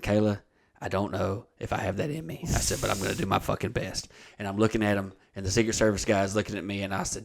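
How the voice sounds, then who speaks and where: Southern alabama guy on a podcast, lowish voice, cussing and rambling through a story. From Oxford, Alabama. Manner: profane, rambling, animated retelling of conversations. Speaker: podcast host and comedian. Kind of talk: casual comedic storytelling.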